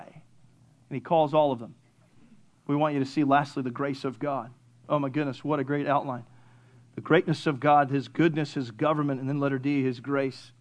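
A man in his fifties preaching a fervent sermon as pastor, swinging between soft, low passages and loud, rising appeals. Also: fairly even intonation, moderate pace. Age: 50s.

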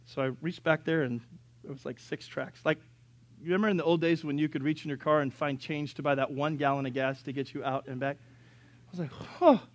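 A male pastor telling a story in a sermon, acting out the dialogue and sometimes bursting into loud, exasperated rants. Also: a little high, fairly even intonation, fairly quick, no echo.

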